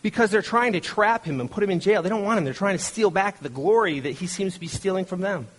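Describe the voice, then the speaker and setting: A middle-aged male pastor with a somewhat high, husky voice. He preaches in a relaxed, conversational way and tells the story as he goes. He stumbles and restarts often and slips into other voices for the people he quotes. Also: fast talker. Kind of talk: conversational sermon.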